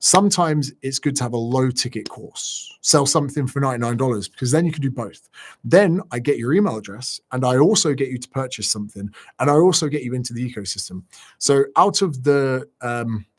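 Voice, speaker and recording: A man's voice: medium pitch, lively intonation, fairly quick, breathy edge. A man hosting a live-stream Q&A as a business coach, talking bluntly and energetically, swearing freely.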